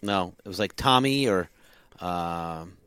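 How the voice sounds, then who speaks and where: A middle-aged man with a lowish voice talks animatedly on a podcast about the albums he learned on drums. He is recorded close on a dry studio mic. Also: slow pace, clean tone, no echo. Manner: animated, hums drum fills. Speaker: podcast co-host and drummer. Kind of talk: casual chat.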